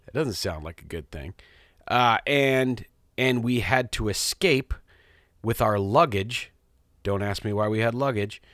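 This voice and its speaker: A man's voice: on the low side, a little slow, a bit bright, dry recording, studio quality. A middle-aged man hosting his podcast, telling a story in a rambling, self-amused casual monologue. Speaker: podcast host. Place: small home studio.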